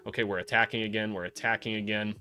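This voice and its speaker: A young man casually breaking down basketball game film, excitable, cursing freely and talking to the players on screen. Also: fairly low pitch, fast. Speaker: host breaking down draft prospects.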